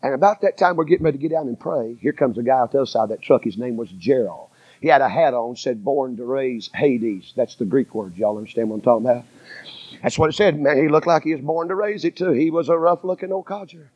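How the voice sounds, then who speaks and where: A middle-aged man with a Southern American accent preaching a storytelling sermon in a church, folksy and repetitive, swinging between hushed asides and loud emphasis. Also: medium pitch, fast talker, breathy edge, no room sound, muffled recording. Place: church sanctuary.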